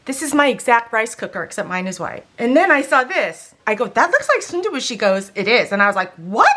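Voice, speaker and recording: A middle-aged woman talking through a stationery haul in a casual, chatty way that turns emotional and excitable. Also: fairly high pitch. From Korean. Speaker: stationery vlogger. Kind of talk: casual show-and-tell haul.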